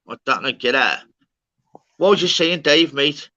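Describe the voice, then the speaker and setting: A man, chatting casually with a friend as host of a livestream, slangy and loud. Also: fairly high pitch, animated, unhurried, dull audio.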